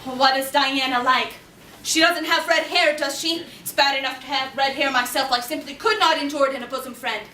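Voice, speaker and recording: A woman's voice: high-pitched, fairly quick, pushed and bright. An actress playing an eager, dreamy orphan girl who talks in a gushing, effusive way, in a stage play recorded from a distance. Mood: enthusiastic. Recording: echoey hall, distant mic, faint noise.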